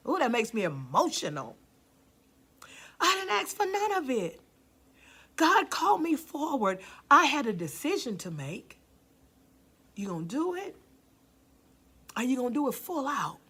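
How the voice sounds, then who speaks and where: Calling out to her congregation, this woman pastor delivers a passionate sermon, now and then sinking to a near-whisper for emphasis. Her voice sits high and is very animated, a bit bright and slightly rough, moving at a measured pace with long pauses.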